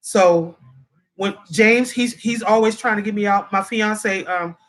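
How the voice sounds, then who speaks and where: A woman's voice: mid-range voice, unhurried. A woman hosting a casual livestream, close to tears and talking straight to her viewers, often repeating herself. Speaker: livestream host. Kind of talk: casual livestream chat reading comments.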